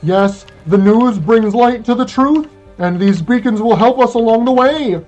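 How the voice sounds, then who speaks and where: A speedrunner doing an old-timey news anchor voice, with a slow, grand, theatrical announcer delivery while commentating a game run. The anchor hosts the run like a newscast. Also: mid-range voice, darkish tone, muffled recording, soft background music, close to an everyday voice. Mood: grandiose.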